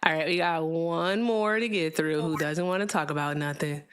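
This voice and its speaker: A woman's voice: deep voice, steady tone, normal speed, a bit bright, smooth. A woman hosting a call-in debate stream, teasing and incredulous, repeating her point back at callers. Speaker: livestream host. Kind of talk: call-in debate show talk.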